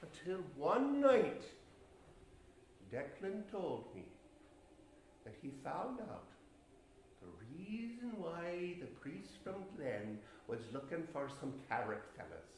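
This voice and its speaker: A man's voice: fairly high pitch, very animated, slow, echoey room, a little hiss or hum, exaggerated voice. A young actor playing a rural Irishman who tells a ghost story in a rambling, chatty way with nervous laughs, on a live stage. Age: young adult. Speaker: actor in a college play. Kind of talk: stage monologue. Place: theatre stage, live performance.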